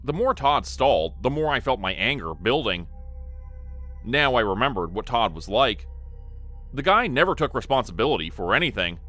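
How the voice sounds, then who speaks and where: A man's voice: medium pitch, big pitch swings, moderate pace, sharp tone, faint music behind. A man narrating a first-person horror story in an earnest, scripted telling.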